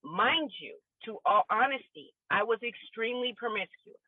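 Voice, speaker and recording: A woman's voice: fairly high pitch, lively intonation, moderate pace, breathy edge, no echo. Woman, podcast guest, candid, emotional, tinny phone audio. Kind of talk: personal testimony in a podcast interview. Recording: tinny phone line, dry.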